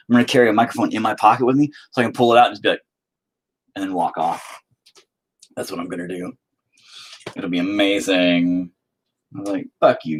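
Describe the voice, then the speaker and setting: A man's voice: on the low side, breathy edge. A man rambling casually to his stream while he paints, swearing constantly and joking. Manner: profane, rambling, jokey. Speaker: streaming artist.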